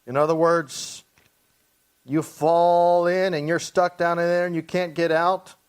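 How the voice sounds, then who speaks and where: A man with a fairly high voice leads a church Bible study. He reads verses slowly and deliberately, then breaks them down in plain conversational speech. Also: flat delivery, clean tone. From Hawaii. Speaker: pastor teaching Bible study.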